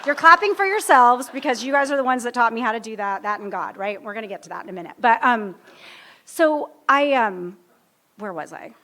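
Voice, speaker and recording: A woman's voice: a little high, lively intonation, brisk, bright, forceful tone. A woman in her fifties telling her own story to a live audience at a recovery meeting, humorous and self-deprecating, often wandering off track. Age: 50s. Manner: rambling, humorous, self-deprecating, easily sidetracked.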